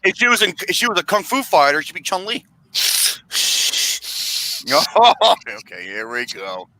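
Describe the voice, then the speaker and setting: A man's voice: a little high, huge pitch swings, moderate pace, pushed and bright, no room sound. A man teasing a friend in a casual chat, laughing and swearing. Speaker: co-host.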